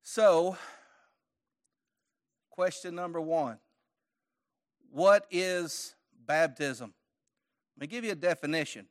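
Teaching a church Bible study lesson, a man speaks slowly in a fairly high voice with long pauses. He's conversational, quizzes his audience with questions, and jokes lightly.

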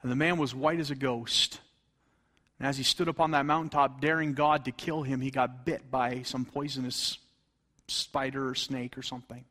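A middle-aged man preaching a fervent sermon, reading scripture aloud and swinging between loud exclamations and hushed tones. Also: mid-range voice, fairly even intonation, moderate pace. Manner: reads scripture in King James English.

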